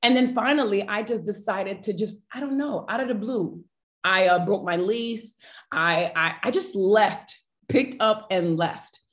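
A woman guest on a podcast, telling a personal faith story in an animated, emotional way and addressing listeners directly. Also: medium pitch, unhurried. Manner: animated, emotional, acts out quoted voices.

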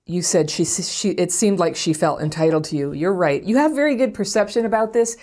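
A woman's voice: fairly low pitch, brisk, hardly any pauses, darkish tone. A woman hosting an advice podcast, answering a listener's letter in a frank, conversational way with frequent laughs. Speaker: podcast host giving relationship advice.

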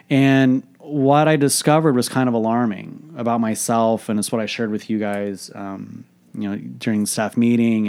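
A man's voice: fairly low pitch, vocal fry, darkish tone. A man, a coach, telling a candid personal story in a frank, reflective way, swearing freely.

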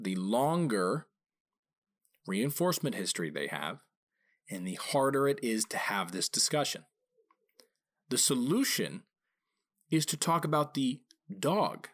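A man who trains dogs, explaining in an informal talk and stressing points by repeating key phrases. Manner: acts out quoted voices with big pitch jumps. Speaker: dog trainer.

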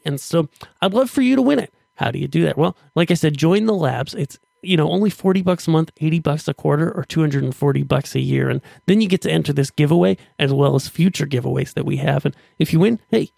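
A man with a fairly high, gravelly voice hosts a podcast in a chatty, upbeat monologue. His voice sounds close and dry, with no room echo. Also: a little mellow. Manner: upbeat, chatty, with restarts while pitching offers. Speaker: podcast host.

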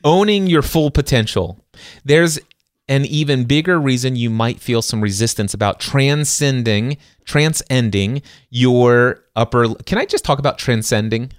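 A man's voice: mid-range voice, unhurried, no echo, clean studio sound. A middle-aged man co-hosting a casual book-discussion podcast, talking earnestly about faith and acting out his inner dialogue with emphasis. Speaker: podcast co-host.

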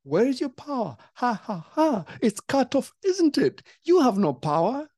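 A cackling demonic spirit taunts in a high, rising voice, as a preacher puts it on. It mocks and jeers in a close, dry recording. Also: sing-song, a little slow, dark tone, no room sound, full character voice. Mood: taunting. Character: mocking demonic spirit speaking through a woman.

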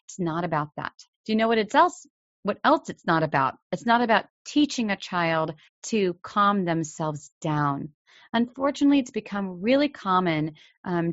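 Podcast host, female, lower register, earnest and direct, dry muffled recording. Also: dry recording. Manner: earnest, direct, acts out quoted child and parent voices. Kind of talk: solo podcast talk.

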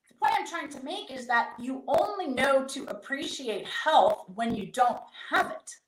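A middle-aged woman speaks as an interview guest, candid and animated, often slipping into acted-out quotes. Her voice sits a little high. The room around her is noticeably echoey. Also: a little slow. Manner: lively, candid storyteller, acts out quotes. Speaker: guest, event company founder. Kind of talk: conversational interview.

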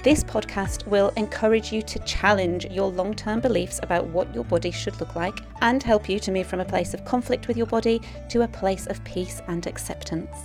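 Woman podcast host, earnest and encouraging, middle pitch, faint music underneath. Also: moderate pace, hardly any pauses. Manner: earnest and encouraging, laughs often. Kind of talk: scripted intro, then casual chat.

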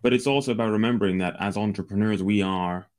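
A very deep-voiced man with a Scottish accent talks as a podcast guest. He explains his views fluently and with confidence, in an easy conversational tone. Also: fast, darkish tone. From Scotland. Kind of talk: casual interview.

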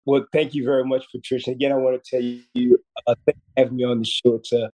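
A man's voice: medium pitch, little pitch movement, fast, mellow, poor audio. A man in his fifties, a podcast guest, telling a personal story in an earnest way, often repeating words as he goes. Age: 50s. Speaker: guest surgeon.

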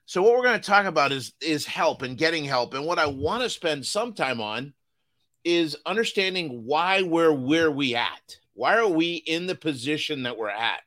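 A man hosting a business podcast, giving an energetic motivational talk and repeating phrases for emphasis. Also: on the high side, moderate pace. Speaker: business coach and podcast host.

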